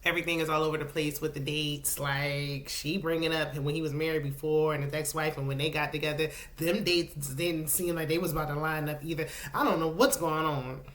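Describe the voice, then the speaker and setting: A woman hosting a casual, opinionated reality TV recap, clearing her throat and coughing now and then. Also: deep voice, fairly bright tone. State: coughing, with a lozenge in her mouth. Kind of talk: casual chat. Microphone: solo recording setup.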